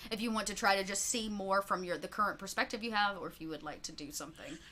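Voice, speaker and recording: A woman's voice: medium pitch, sharp tone, slight background noise. A woman running a tabletop game as game master, narrating scenes in a chatty way. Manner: chatty, with many fillers and restarts, quick asides.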